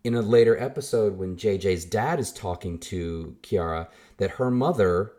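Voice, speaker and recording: Deep mellow guy on a podcast, kinda halting, lots of uhs. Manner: hesitant, restarts and fillers. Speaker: podcast co-host. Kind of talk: casual chat.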